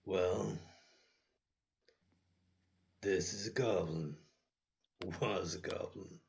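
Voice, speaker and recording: A man playing a tabletop game, speaking slowly and flatly as his character. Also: low voice, gravelly. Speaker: player. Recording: dull lo-fi mic with faint noise.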